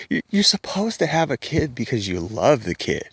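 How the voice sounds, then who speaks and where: A man's voice: medium pitch, big pitch swings, moderate pace, fairly bright tone, slightly rough, dry recording, clean studio sound. Blunt, profane ranting man. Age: middle-aged. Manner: profane, scornful, mocking voices of others. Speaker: commentator. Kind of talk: blunt rant to camera.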